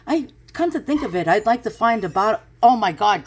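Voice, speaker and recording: A woman's voice: a little high, expressive, brisk, slightly rough. A woman in her fifties rambling through a casual home vlog in her kitchen, sarcastic and cranky, swearing freely. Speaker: YouTube vlogger.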